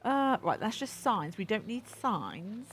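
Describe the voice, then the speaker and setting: A woman's voice: mid-range voice, very animated, slow, a bit bright, a little hiss or hum. A woman hosting a gaming channel, chatting and giggling to herself as she plays. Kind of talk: game playthrough commentary.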